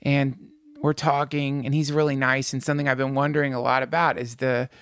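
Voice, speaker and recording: A man co-hosting a podcast, telling stories in an animated, jokey, emphatic way. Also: medium pitch, brisk, clear, resonant tone, no echo, clean studio sound. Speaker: podcast co-host. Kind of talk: casual chat.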